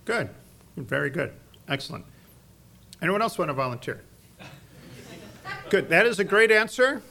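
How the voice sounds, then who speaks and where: A man's voice: high-pitched, very animated, normal speed, gravelly, pushed and bright. Emphatic middle-aged male evangelism teacher. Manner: emphatic, quizzes audience with fill-in-the-blank questions. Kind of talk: church teaching talk.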